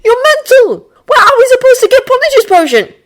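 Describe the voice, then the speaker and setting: Woman reader's boy wizard: high-pitched, exasperated, dry and cutting. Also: expressive, moderate pace. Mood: alarmed. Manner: sardonic, exasperated, groaning. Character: sharp-tongued exasperated schoolboy wizard. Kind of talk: fan audiobook character voice.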